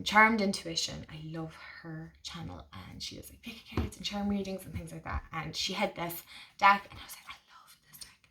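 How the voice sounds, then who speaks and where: A woman chatting casually on her vlog, gushing and excitable, full of fillers and restarts. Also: on the low side, recorded from a distance, a little hiss or hum. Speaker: tarot vlogger. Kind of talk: casual chat.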